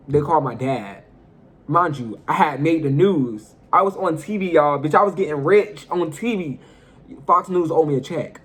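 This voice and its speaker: Husky-voiced young man telling a story. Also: a little high. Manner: animated, profane, addresses viewers directly. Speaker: storyteller vlogger. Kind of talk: casual storytime vlog.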